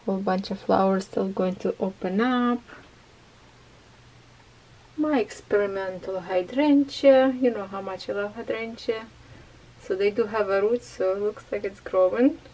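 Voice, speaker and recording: A woman casually chatting at home in a craft vlog, slipping into high baby talk with her puppies, her English a little non-native. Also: measured pace, a little mellow, rough recording. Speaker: cross-stitch vlogger.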